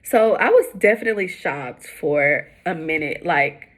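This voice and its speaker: A young adult woman casually telling her pregnancy story to the camera, chatty with lots of fillers, jumping high when she acts out what people said. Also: animated, measured pace. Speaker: vlogger.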